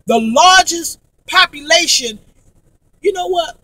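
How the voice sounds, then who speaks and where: A woman's voice: very high-pitched, animated, slow, pushed and bright, no room sound, distant mic. A woman vlogger in a profane, angry monologue, repeating herself and stumbling through restarts. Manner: profane, emphatic, repetitive, with heavy stammered restarts.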